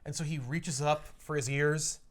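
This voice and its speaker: Guy on a podcast, kinda high voice, super animated retelling a comic, acts out all the characters. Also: normal speed. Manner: animated storytelling, acts out characters with shouts and laughs. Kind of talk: casual chat.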